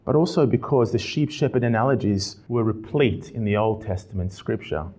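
A man pastor preaching an expository sermon with animated delivery and repeated emphatic phrases. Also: lowish voice, normal speed.

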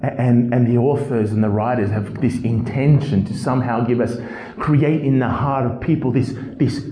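A male pastor preaching a passionate sermon, his voice swinging from low, measured reading to high, emphatic outbursts. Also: dark tone, reverberant, slight background noise, low-quality recording.

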